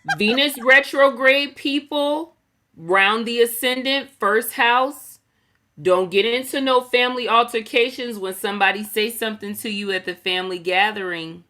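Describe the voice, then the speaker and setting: A woman hosting an astrology livestream in relaxed, slangy casual chat. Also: a little high, moderate pace, background noise. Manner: laid-back, slangy, runs the reading segment.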